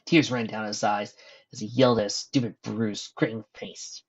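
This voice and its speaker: Husky guy narrating a fanfic with sarcastic side jokes, muffled lo-fi mic. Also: on the low side, steady tone, fairly quick. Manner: wry, sarcastic commentary. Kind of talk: reading a story aloud with joking asides.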